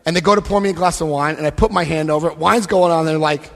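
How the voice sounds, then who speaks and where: A middle-aged American man speaking at a recovery convention, telling joking, lively stories and acting out voices. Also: on the high side, quick pace, gravelly. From United States. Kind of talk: animated storytelling talk. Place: large convention hall. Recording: long hall reverb.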